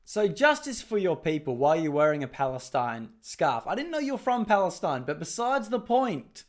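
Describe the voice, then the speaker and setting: A man's voice: a little high, very animated, moderate pace, heavy background noise. An Australian man hosting a commentary video, talking casually and mockingly over clips. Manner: mocking, sarcastic, laughs at clips. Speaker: political commentary host.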